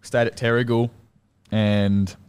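A young man from Australia's Central Coast with an Australian accent, a guest telling a story in a relaxed, rambling way and swearing casually. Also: medium pitch, slow pace, smooth. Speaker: guest, rugby league player.

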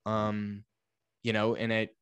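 A man's voice: lowish voice, clean tone, dry recording. Man, young adult, candid storytelling, repeats words, dry sound. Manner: halting, repeats words, builds to excited bursts. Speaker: guest, motivational speaker.

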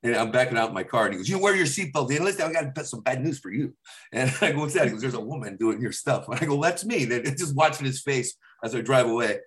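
A man's voice: mid-range voice, fast talker. A middle-aged man chatting casually, telling stories about his family with lots of acted-out dialogue. His voice jumps up and down as he slips into the other people's parts. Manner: animated storyteller acting out his dad's lines. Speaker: comedian guest. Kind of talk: casual storytelling chat.

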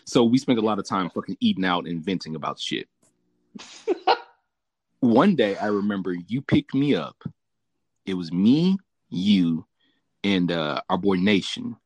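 Brief: low-voiced male host, animated swing in his pitch, cursing and laughing through a story, dry close sound. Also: measured pace, long pauses, no echo. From Southern California. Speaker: podcast host. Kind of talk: casual storytelling chat.

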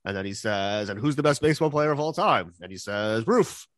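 A man's voice: lowish voice, animated, a little fast, a bit bright, no room sound. Male co-host: hesitant, filler-heavy, easy laugh; dry close sound. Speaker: podcast co-host. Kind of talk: casual podcast chat.

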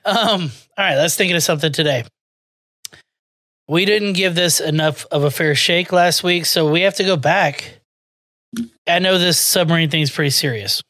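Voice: mid-range voice, moderate pace, a bit bright, dry recording. Podcast co-host, teasing and edgy, drives topic changes, dry close mic. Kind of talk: casual crude comedy chat.

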